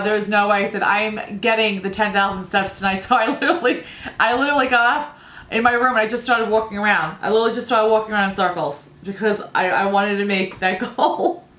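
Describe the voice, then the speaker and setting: Chatty mom type doing a makeup tutorial, rambles a lot, kinda echoey room. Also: female voice, fairly high pitch, fairly bright tone. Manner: rambling, storytelling, laughs at own stories. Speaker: beauty vlogger.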